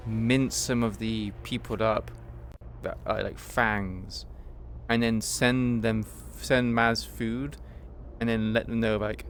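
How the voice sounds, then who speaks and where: Guy chatting about rp characters, keeps restarting, laughs a lot, soft music behind. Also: medium pitch, steady tone, takes it slowly, pauses often. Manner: hesitant, restarts often, laughs easily. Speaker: roleplay streamer. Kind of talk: casual chat about roleplay characters.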